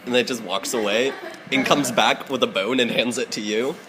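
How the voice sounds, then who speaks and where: A man's voice: medium pitch, a little fast, noisy background. A man narrating as game master in a loose, casual way, laughing often.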